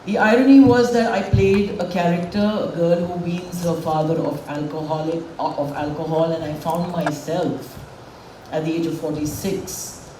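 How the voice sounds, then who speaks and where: A woman's voice: fairly low pitch, steady tone, normal speed, mellow, a little hiss or hum. A woman in her forties giving a candid, emotional personal speech at a public event. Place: event hall with a stage. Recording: echoey hall, voice from far off.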